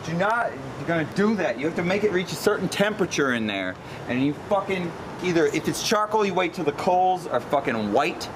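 A man's voice: on the high side, very animated, fairly quick, hardly any pauses. Foul-mouthed young man, brash cooking rant. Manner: crude, swearing constantly, brash instructional rant. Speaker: cooking show host. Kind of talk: profane comedic cooking demo. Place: kitchen and backyard grill. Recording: echoey home video with background noise.

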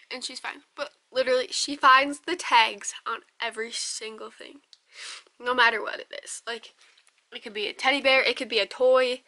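A woman's voice: on the high side, bright, forceful tone. A young woman in her late teens, a mother filming a casual home vlog and talking to her baby in sing-song baby talk, indoors at home on a handheld camera.

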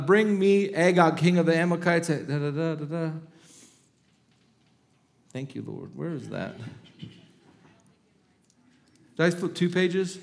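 A man's voice: fairly high pitch, vocal fry. A middle-aged male pastor preaching a sermon, reading scripture aloud with dramatic emphasis and breaking into casual asides.

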